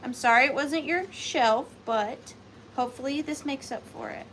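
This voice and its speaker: Bright, chatty woman seller. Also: high-pitched, slight background noise. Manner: chatty and gushing, talks fast. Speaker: online antique seller. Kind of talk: live-selling vlog chat.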